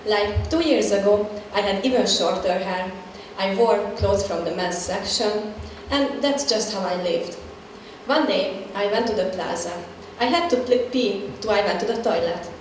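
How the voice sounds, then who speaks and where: A woman's voice: mid-range voice, moderate pace. Woman's candid story in an echoey hall. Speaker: performer sharing a personal story. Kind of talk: scripted stage testimony. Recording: echoey hall, distant mic, faint noise.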